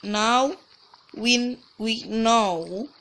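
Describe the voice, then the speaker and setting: A woman's voice: fairly high pitch, very slow, a bit bright. A woman giving casual gameplay commentary as a let's play gamer, rambling and often restarting or trailing off mid-sentence.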